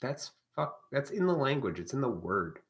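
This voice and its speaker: A man's voice: mid-range voice, sing-song, normal speed. A man hosting a live stream, delivering a blunt, profane, preachy monologue in a casual way.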